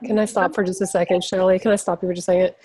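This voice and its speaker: A woman's voice: lowish voice, level tone, rapid-fire, mellow, a little hiss or hum. Polite woman hosting a video call. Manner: polite, direct in interrupting. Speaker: webinar host.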